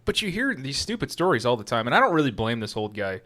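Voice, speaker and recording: A man's voice: medium pitch, very animated, fairly bright tone. Agreeable, chatty podcast co-host man. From South Dakota. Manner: chatty, agreeable, fills in with quick yeahs and facts. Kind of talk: casual sports podcast banter.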